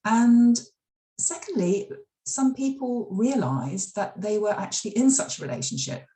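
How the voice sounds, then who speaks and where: Very animated and unhurried, a middle-aged British woman with a warm, rather high voice tells stories in an interview at a library event. She's an author and former radio drama scriptwriter, chatty and prone to fillers and restarts. The room is echoey.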